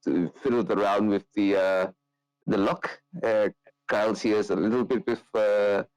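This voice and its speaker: A man's voice: on the low side, fairly even intonation, a little slow, darkish tone, clean tone, dry recording, lightly acted, poor audio. A man voicing a drunk, boastful male tavern brawler who slurs and leers. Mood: conspiratorial. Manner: slurring, boastful, leering.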